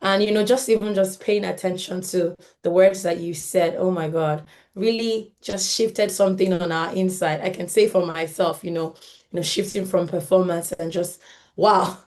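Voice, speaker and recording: A woman's voice: lowish voice, steady tone, normal speed, a little mellow. A woman hosting a live event, gushing and exclaiming, and laughing often between her remarks. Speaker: event host.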